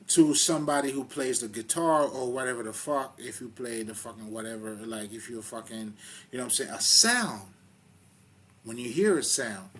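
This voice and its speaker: Man, husky voice, casual spiritual monologue, rambling, profane, fillers, laughs a lot. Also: mid-range voice. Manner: laughs loudly between points. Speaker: spiritual talk host.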